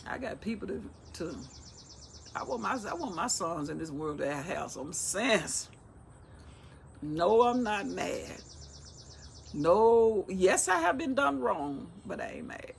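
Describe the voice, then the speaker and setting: Gravelly middle-aged lady going through a bible chapter, folksy and chatty, puts it in her own words. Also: on the low side, slight background noise. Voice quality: talkative, folksy, retells scripture in everyday speech. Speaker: Bible teacher. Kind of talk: casual Bible reading and commentary.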